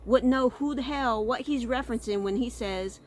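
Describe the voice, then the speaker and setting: A woman's voice: fairly high pitch, normal speed, a little hiss or hum. A middle-aged woman from Texas with a Texan accent, hosting a casual chat show and rambling as she stumbles over her words. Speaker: podcast host.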